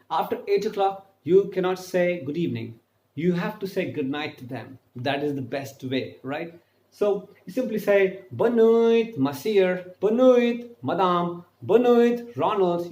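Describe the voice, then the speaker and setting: A man giving an upbeat online French lesson, repeating example phrases slowly. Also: fairly high pitch, darkish tone, echoey room. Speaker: French teacher.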